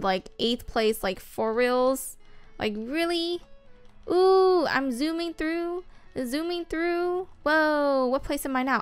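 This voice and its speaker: A woman hosting a gaming video, giving excitable, casual commentary while she plays, with frequent squeals and whoops. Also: high voice. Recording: faint game music behind.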